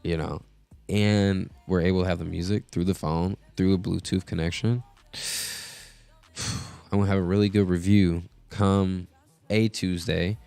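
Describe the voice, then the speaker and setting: Man, host, casual live stream chat, rambling, lots of ums, deep, gravelly, smooth, slow, faint music. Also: fairly even intonation, darkish tone, dry recording. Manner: rambling, many filler words. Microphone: podcast mixer setup.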